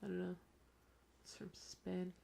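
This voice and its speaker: A woman's voice: lowish voice, completely flat delivery, unhurried, creaky, mellow. A woman guest chatting casually with her brother, talkative and often trailing off mid-sentence. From Los Angeles area. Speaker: guest, host's sister. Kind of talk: casual chat.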